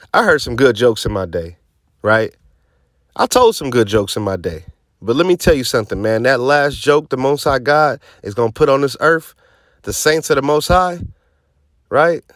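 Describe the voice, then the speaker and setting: A man's voice: medium pitch, big pitch swings, moderate pace, no echo, clean studio sound. A man preaching scripture informally, emphatic and streetwise, often tossing in "man" and "right?" and sarcastic asides. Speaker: teaching officer of a religious group.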